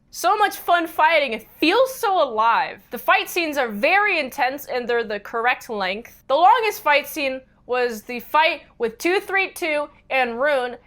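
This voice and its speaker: A woman's voice: sits high, fairly bright tone. A woman giving a casual, rambling comic book review, gushing with enthusiasm and restarting her sentences.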